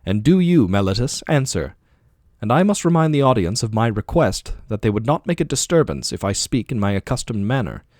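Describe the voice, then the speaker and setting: A man's voice: medium pitch, very animated, fairly quick, darkish tone, no echo, studio quality, close to an everyday voice. A man reading the part of an aging male philosopher defending himself in court, with probing, rhetorical questioning. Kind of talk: audiobook dialogue reading.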